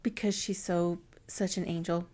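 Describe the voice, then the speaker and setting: A woman's voice: on the low side, fairly even intonation, normal speed, darkish tone. A woman co-hosting a podcast, giggling often as she reads a film recap from her notes. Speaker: podcast co-host. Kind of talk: casual chat recapping a film.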